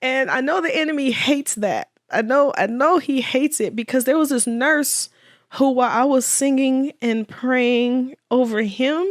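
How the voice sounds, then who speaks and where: A woman's voice: high voice, measured pace, no echo, studio quality. A woman guest in an interview telling a personal story with earnest faith and quoted dialogue. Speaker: guest, widow.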